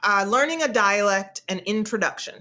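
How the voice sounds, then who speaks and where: A woman's voice: mid-range voice, lively intonation, normal speed, bright, forceful tone, dull audio. A woman speech instructor from the United States, teaching an online class in a chatty way and often repeating her phrases.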